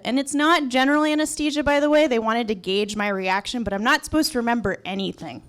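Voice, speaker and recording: A woman's voice: on the high side, fast talker, hardly any pauses, fairly bright tone, clean tone. A young adult woman telling a personal story at a live event in a restaurant, candid and wry with a sarcastic edge.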